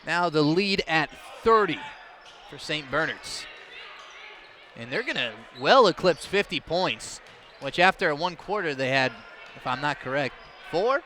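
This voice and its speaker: A man giving easygoing, chatty play-by-play commentary on a high school basketball game. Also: expressive, measured pace, pushed and bright, slight background noise. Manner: easygoing, chatty, laughs along with his partner. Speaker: play-by-play announcer.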